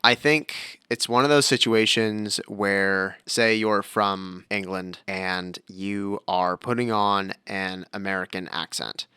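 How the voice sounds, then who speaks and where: Bright, crisp-voiced man rambling casually. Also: fairly low pitch, dry recording, studio quality. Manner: rambling, tangent-prone storytelling. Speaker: podcast co-host. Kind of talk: casual chat.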